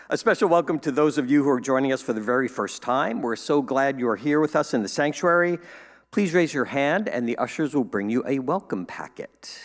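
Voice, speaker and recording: A man's voice: medium pitch, expressive, fairly quick. Male church host, cheerful announcer with jokey asides, reverberant sanctuary. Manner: upbeat, playful, joking asides. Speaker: service host giving welcome and announcements.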